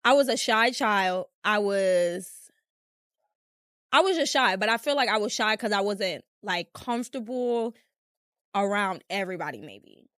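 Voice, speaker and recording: A woman's voice: medium pitch, lively intonation, measured pace, a bit bright, no echo, clean studio sound. A young woman hosting a podcast, telling stories in a casual, rambling way with lots of fillers. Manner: chatty, rambling, heavy use of filler "like". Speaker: podcast host. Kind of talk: casual storytelling chat. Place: room with a small live audience.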